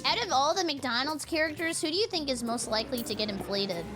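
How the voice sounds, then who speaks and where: A woman streamer giving playful, excitable commentary while she plays a game, breaking into yelps and giggles. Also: high-pitched, brisk, music in the background. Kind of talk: casual gameplay commentary.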